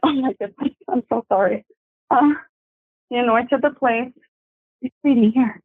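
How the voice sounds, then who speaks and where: A young woman telling her testimony over the phone, tearful and apologetic, talking haltingly and laughing nervously while she soothes her baby. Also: on the high side, no room sound. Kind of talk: emotional phone interview. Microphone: phone call. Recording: dry tinny phone line.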